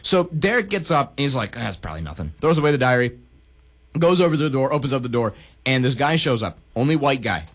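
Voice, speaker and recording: A man's voice: medium pitch, fast. A man co-hosting a casual podcast, recapping a movie in a joking, profane way and acting out characters' lines. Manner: animated, acts out characters' lines. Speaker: podcast co-host.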